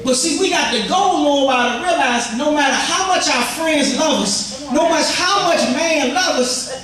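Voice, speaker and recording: A male pastor preaching an animated sermon with call-and-response. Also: extremely high pitch, normal speed. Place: church sanctuary. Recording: echoey church from far off, congregation audible.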